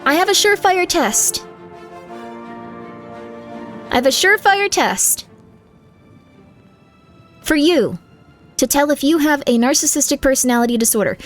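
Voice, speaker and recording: A woman streamer chatting casually with viewers, giving rambling, candid advice full of fillers while reacting to chat. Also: high-pitched.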